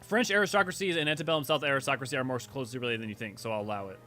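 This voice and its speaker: Bright-voiced male game streamer. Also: mid-range voice, racing, hardly any pauses, soft background music. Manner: rambling, self-correcting, nerdy. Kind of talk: casual livestream chat and game commentary.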